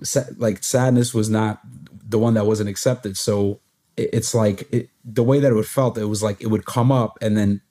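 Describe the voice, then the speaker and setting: A young man in a podcast conversation with a deep, mellow voice. He shares personal experiences hesitantly, pausing and restarting often. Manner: hesitant, many fillers and restarts. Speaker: podcast host. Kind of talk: reflective conversational sharing.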